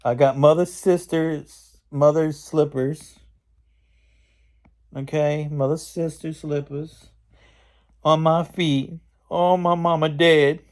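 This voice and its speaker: A man's voice: mid-range voice, little pitch movement, extremely slow, few pauses, dark tone, clean tone. A man voicing a whiny, spoiled young witch who sasses and complains about her sister. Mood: wistful. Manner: sassy, complaining, mock-dramatic.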